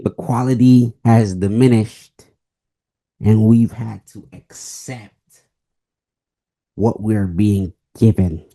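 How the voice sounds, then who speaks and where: A man's voice: lowish voice, steady tone, slow pace, pauses often, dark tone. A twenty-year-old man from the United States giving an emphatic sports opinion monologue, repeating key phrases for stress. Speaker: sports vlogger.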